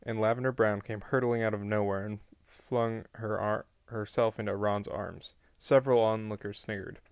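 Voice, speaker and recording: A man reading a novel aloud as an audiobook, telling the story in a plain, even way with an occasional slip. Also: lowish voice, moderate pace, clean tone, dry recording. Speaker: audiobook reader.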